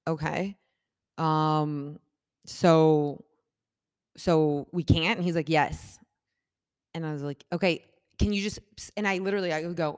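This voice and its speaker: A woman telling a personal story in a casual chat, animated and acting out the voices of the people in it, with lots of "like" and "I'm like" fillers. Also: moderate pace, no echo, clean studio sound. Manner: animated, acts out quoted voices with big shifts in pitch and loudness; talks with many fillers like "like" and "I'm like".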